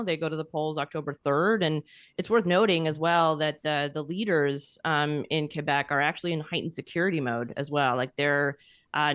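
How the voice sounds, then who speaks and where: A woman's voice: low voice, fairly bright tone, clean tone, no room sound. A Canadian woman co-hosting a podcast, running through headlines in a chatty way with lots of ums and likes. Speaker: podcast co-host. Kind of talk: casual news chat.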